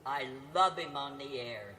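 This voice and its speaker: An older woman visiting her son's radio show, joking slowly with bawdy humor. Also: very deep voice, lively intonation, long reverb tail, over a noisy crowd. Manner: slow, teasing, bawdy humor. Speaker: host's mother, guest.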